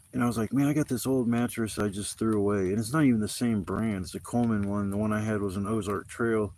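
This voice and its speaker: A man's voice: lowish voice, darkish tone, a little hiss or hum. A man livestreaming from a campsite, telling rambling stories in laid-back, slangy talk full of swearing. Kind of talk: casual rambling storytelling. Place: outdoors at a campsite in the rain. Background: faint rain.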